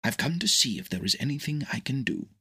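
A brisk, kindly old doctor, earnest and lively, as a man reads him aloud. He speaks noticeably higher than the reader's own low voice, with a husky edge. His pitch swings widely as he explains and gives instructions. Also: heavily acted. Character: kindly eccentric older male doctor. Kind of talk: audiobook character reading.

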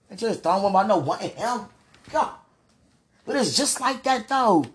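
A woman's voice: medium pitch, animated, moderate pace, pauses often, breathy edge. A woman vlogging in a casual, rambling monologue, sighing and repeating herself as she pleads aloud to God.

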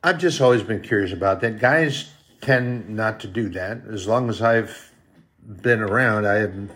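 A man's voice: on the low side, unhurried, a bit bright. A man preaching in a folksy, rambling storytelling style, now and then acting out short quoted voices. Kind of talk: storytelling sermon.

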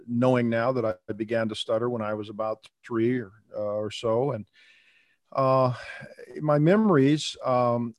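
A man's voice: medium pitch, dry recording, clean studio sound. An older man who grew up in Minnesota and Texas, a guest in an interview, telling his story reflectively with many fillers and some stuttering. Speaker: guest, veterinarian. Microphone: remote call.

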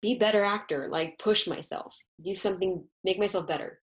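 A woman guest in a casual podcast chat, animated and gushing in quick bursts. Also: mid-range voice.

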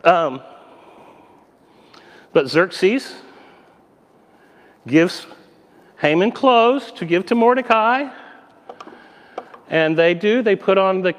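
A man tells a Bible story to children, his voice a touch high and full of life. He slips into little character voices as he goes. The sound trails off in a long, reverberant space. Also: extremely slow, pauses often. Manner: animated, lively character voices.

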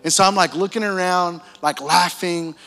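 Young male pastor, bright forceful voice, casual slangy storytelling, live church hall reverb. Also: high-pitched, moderate pace, soft background music. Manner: animated storytelling, casual slang, laughs often. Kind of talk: sermon testimony.

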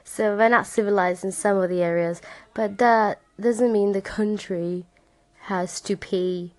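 A woman's voice: mid-range voice, steady tone, unhurried, a little mellow, no room sound. A woman from Romania hosting a casual podcast, chatting and thanking listeners who called in, often laughing. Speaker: podcast host.

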